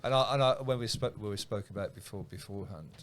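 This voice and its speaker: A man's voice: on the low side, fast, a bit bright, a little hiss or hum. A middle-aged man co-hosting a casual chat, hesitant and self-deprecating, with stammered restarts. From Britain. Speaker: co-host.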